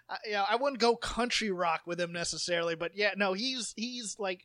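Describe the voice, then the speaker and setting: A man co-hosting a podcast, rambling and animated as he tells stories and does quick impressions. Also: sits high, no echo. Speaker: podcast co-host. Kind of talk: casual chat.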